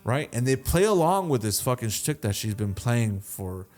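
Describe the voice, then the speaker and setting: A young man hosting a podcast, telling a crime story in a loose, animated way, swearing a lot and checking in with "right?". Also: medium pitch, moderate pace. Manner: swears constantly, animated retelling, keeps asking "right?". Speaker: podcast host. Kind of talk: casual storytelling.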